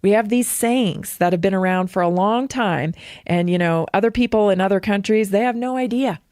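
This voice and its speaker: A woman from Canada hosting a radio show, talking in a chatty, animated way, repeating points for emphasis and laughing easily. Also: mid-range voice, moderate pace, dry recording, clean studio sound. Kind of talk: casual monologue.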